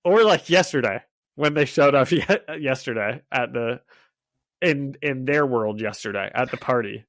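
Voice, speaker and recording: A man hosting a podcast, recapping an episode in an animated way and laughing often as he retells it. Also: mid-range voice, normal speed, no echo. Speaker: podcast host.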